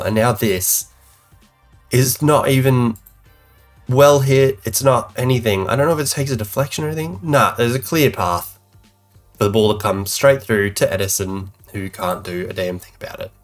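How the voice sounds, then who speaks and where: A gaming YouTuber gives live, animated commentary on his own football management game, calling plays and venting his exasperation along the way. His voice is medium-pitched and moderately paced, with soft music in the background.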